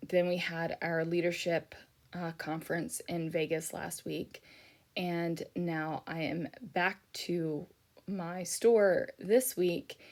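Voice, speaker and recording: A woman's voice: lowish voice, a little mellow. A middle-aged woman chatting casually in a voiceover for her scrapbooking video, tired and rambling, with frequent fillers and yawns. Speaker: scrapbooking YouTuber.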